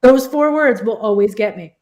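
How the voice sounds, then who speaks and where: Playful woman guest, quick banter, slightly high voice. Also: a crowd in the background. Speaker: podcast guest. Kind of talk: casual chat.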